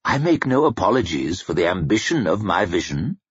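A man voicing an arrogant, ruthless old male wizard who speaks in a haughty, measured, menacing way. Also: sits low, very animated, slightly rough, no room sound, voice pushed down, full character voice. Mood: defiant. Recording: dry muffled recording.

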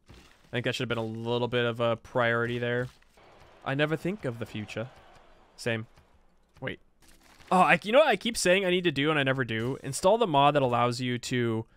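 A man's voice: mid-range voice, fairly bright tone, clean tone, dry recording. A man casually commenting on his own strategy gameplay, chatty and self-mocking, laughing often. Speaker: game streamer.

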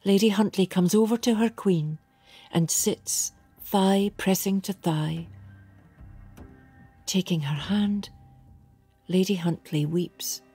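A woman narrating a historical audiobook in a slow, hushed, measured reading voice. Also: mid-range voice, slightly rough, faint music behind. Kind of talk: scripted narration.

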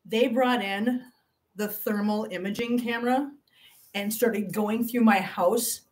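A woman hosting a cat channel live stream, telling a long story to viewers in a chatty, animated way and laughing often. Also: medium pitch, takes it slowly, far from the mic.

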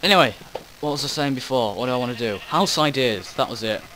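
A gaming commentator rambles over his own recorded gameplay footage, often losing his train of thought, interrupting himself and swearing casually. He talks fast in an animated, medium-pitched voice with a bright, forceful tone. The audio is poor, with a little hiss or hum.

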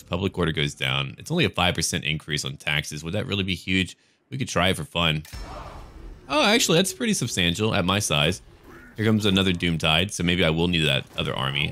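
An American man giving relaxed, jokey commentary over a strategy game as he plays, chatty and swearing casually. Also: low-pitched. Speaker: gaming let's-play host.

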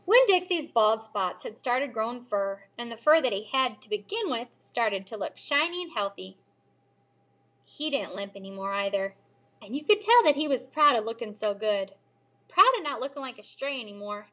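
A woman teacher reading a children's novel aloud in an expressive storytelling manner. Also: fairly high pitch, normal speed. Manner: expressive storytelling, lively character voices.

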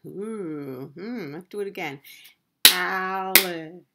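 A woman teaching a video lesson to young children, slow and encouraging, pausing to let them answer. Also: mid-range voice, animated, heavy background noise. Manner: slow, sing-song, encouraging, with questions and pauses for answers. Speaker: preschool teacher.

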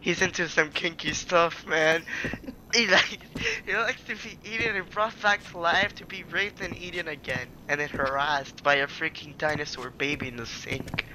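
High-pitched guy gaming, goofy and yelpy, noisy mic hiss under him. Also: normal speed. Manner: joking, yelping and shouting in mock panic. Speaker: gamer playing a horror game. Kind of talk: let's play commentary.

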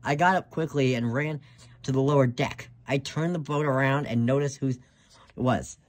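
Brief: man reading fanfiction in first person, halting delivery. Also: mid-range voice. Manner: hesitant, with fillers and restarts. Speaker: fanfiction reader.

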